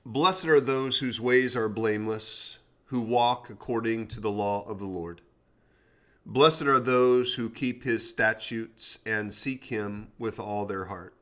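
A man hosting a devotional podcast, reading scripture aloud at a steady pace and adding short plain comments. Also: on the low side, slow pace. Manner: reads scripture aloud with brief comments and prayer. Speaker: podcast host.

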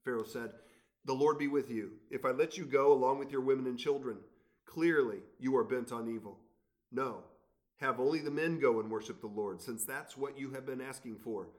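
A man's voice: medium pitch, normal speed. Earnest man teaching from scripture. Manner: earnest, expository. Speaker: Bible teacher. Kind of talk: scripture reading with commentary.

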